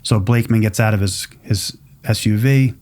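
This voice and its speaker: A man's voice: lowish voice, normal speed. A middle-aged man from Long Island, a pizzeria owner telling stories in casual chat and acting out what other people said. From Long Island, New York. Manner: animated, acts out quoted people. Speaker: pizzeria owner, podcast guest.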